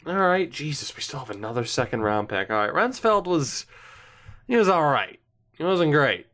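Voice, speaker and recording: A man's voice: fairly high pitch, very animated, moderate pace, a bit bright, a little hiss or hum. A young man giving casual, indecisive gameplay commentary, talking to himself and swearing now and then. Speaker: gaming YouTuber.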